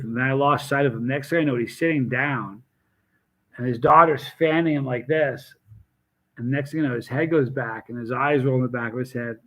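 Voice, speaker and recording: A man hosting a casual live stream, telling animated stories with restarts and acted quotes. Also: medium pitch. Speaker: hot sauce seller and channel host.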